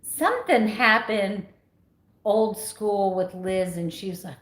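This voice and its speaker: A woman in her fifties chatting casually on a live stream, animated and sarcastic, laughing often. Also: mid-range voice, slow pace, roomy sound. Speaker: vlogger.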